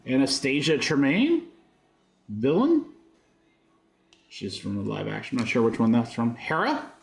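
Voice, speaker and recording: A man with a medium-pitched, gravelly voice hosts a trading card break, rattling off card names and tossing chatty asides to his viewers. His pitch swings widely, he talks a little slowly, and the sound is reverberant. It's casual livestream commentary while he opens packs.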